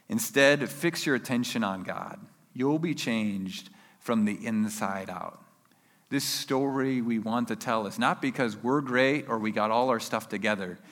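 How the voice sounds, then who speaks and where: A man delivers a sermon as a lively personal story, jumping into loud acted-out shouts. His voice has a bright, forceful edge. The sound carries a long hall reverb. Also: fairly low pitch. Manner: animated storyteller acting out his own yells. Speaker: preacher.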